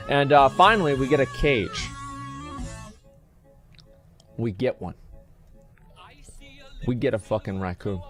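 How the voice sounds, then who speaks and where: A man telling a long story casually to his stream audience, rambling and swearing freely. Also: mid-range voice. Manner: rambling, profane, restarts and fillers.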